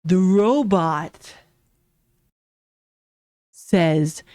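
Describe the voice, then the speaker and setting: A woman's voice: on the low side, drawn-out words, warm tone, no room sound, studio quality. A woman streaming a video game, reading the dialogue aloud and joking around in a playful, giggly way. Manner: playful, giggly, jokey asides. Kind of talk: casual let's play commentary, reading game dialogue aloud. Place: home streaming setup.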